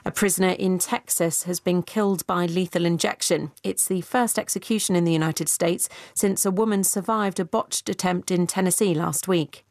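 A woman newsreader delivering a formal radio news bulletin in a measured, even way. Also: on the low side, no echo, studio quality. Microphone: studio microphone.

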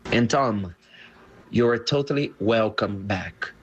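A man speaking slowly and earnestly in an interview, as a samba school representative. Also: lowish voice, highs cut off. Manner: slow, measured, earnest. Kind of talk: interview answer.

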